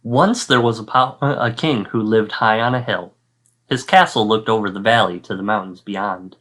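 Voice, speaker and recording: A male fourth-grade teacher reading a children's picture book aloud, with expressive storytelling and acted-out sound effects. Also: lowish voice, normal speed.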